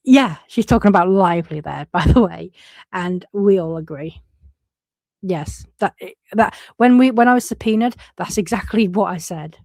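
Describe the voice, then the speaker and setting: Frank, blunt-talking woman, dark tone. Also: fairly low pitch, moderate pace, creaky, dry recording. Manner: frank, swears freely, trailing restarts. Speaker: commentator. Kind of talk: casual commentary reading out messages.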